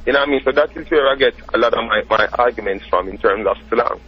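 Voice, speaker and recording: A man's voice: mid-range voice, fast, husky. Laid-back Jamaican man on lo-fi radio. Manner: laid-back, says "you know what I mean" a lot. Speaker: dancehall artist guest. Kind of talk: casual radio interview. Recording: dull lo-fi radio recording.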